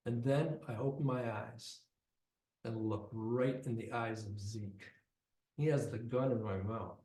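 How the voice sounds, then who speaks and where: A man's voice: mid-range voice, steady tone, a little slow, mellow, reverberant, rough recording. A man from Detroit telling a dramatic personal story, acting out the other people's voices.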